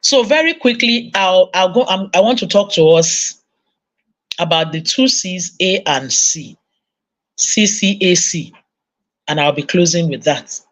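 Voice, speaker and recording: A woman's voice: fairly low pitch, measured pace. A woman with a Nigerian English accent giving a sermon-style parenting talk at a conference, telling stories and acting out voices. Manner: animated storytelling, acting out voices. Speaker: conference speaker.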